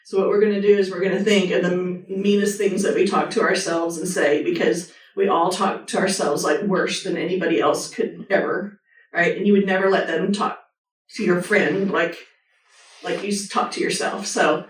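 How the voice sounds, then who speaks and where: A woman's voice: lowish voice, steady tone, moderate pace. A woman, a surgeon giving a live motivational talk and speaking earnestly and directly to her audience. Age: 50s. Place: hospital meeting room with an audience. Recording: echoey room, mic at a distance.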